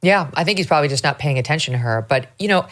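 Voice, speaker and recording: A woman's voice: deep voice, expressive, racing. A woman hosting a political talk show, arguing in a wry, conversational way. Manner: wry, argumentative, with light laughs. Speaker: show host.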